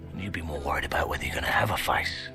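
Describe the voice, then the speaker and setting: An actor playing a gruff, menacing middle-aged cop, heard in a film clip. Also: male voice, racing. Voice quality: gravelly, low. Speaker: film character, a hard-bitten London cop. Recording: film clip with music behind.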